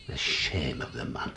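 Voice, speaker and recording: In a dramatic stage monologue, an actor plays a paranoid, deluded older man who confides nervously and lurches between whispers and shouts. There's slight background noise.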